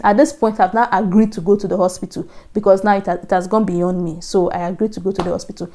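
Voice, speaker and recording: Nigerian woman telling her story, mellow voice. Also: medium pitch, steady tone, fast, hardly any pauses. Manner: earnest storytelling, acts out her own past thoughts in soft asides. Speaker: vlogger. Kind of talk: casual storytelling to camera.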